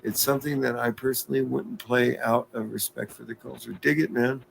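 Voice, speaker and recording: A man's voice: medium pitch, fairly even intonation, a little fast, vocal fry, slight background noise. A man hosting a livestream, chatting casually, joking and laughing as he reads viewer comments. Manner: jokey, laughs often, plays with words. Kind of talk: casual chat.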